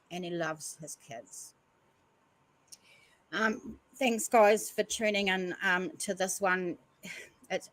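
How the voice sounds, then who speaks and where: A woman's voice: lowish voice, a bit bright, rough recording. A woman who hosts a podcast, reading news articles aloud and stopping often to add earnest comments. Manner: earnest, stops often to comment between passages. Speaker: podcast host.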